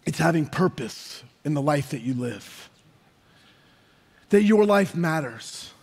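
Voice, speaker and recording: A man preaching a sermon as pastor, impassioned and building to shouted lines. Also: a little high, animated, slow, vocal fry, husky. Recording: long reverb of a large hall.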